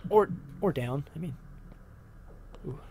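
A man's voice: fairly high pitch, animated, takes it slowly, gravelly, noisy background. A young man nervously talking through a horror game as he plays, rambling and muttering to himself. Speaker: let's play host. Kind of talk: casual gameplay commentary.

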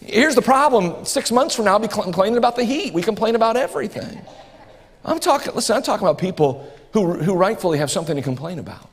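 This 40s pastor's voice sits high, and he talks fast and very animatedly through his sermon. Earnest and given to repeating phrases, he builds into impassioned bursts that ring through the reverberant church sanctuary.

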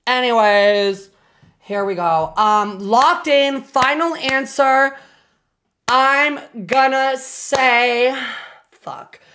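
A woman streamer chatting casually on a live reaction stream, excitable, swearing often and doting on her pets. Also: sits high, drawn-out words.

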